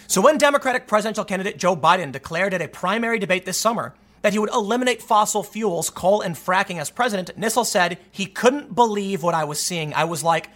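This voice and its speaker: Man, political commentary, high voice, very lively pitch swings, emphatic asides. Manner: animated, emphatic, rhetorical asides. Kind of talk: solo political commentary reading news aloud.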